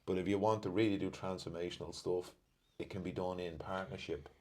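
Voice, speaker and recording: A man's voice: sits low, little pitch movement, brisk, darkish tone. A man hosting a casual podcast conversation, speaking earnestly and reflectively about his own patterns. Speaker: podcast host.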